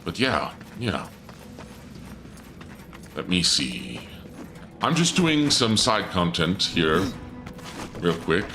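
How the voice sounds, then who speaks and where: A man's voice: low-pitched, big pitch swings, extremely slow, long pauses, bright, forceful tone. A man streaming a game, chatting casually to his viewers and rambling through a story, often trailing off and restarting sentences. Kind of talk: casual gameplay commentary to chat. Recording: music playing behind the voice.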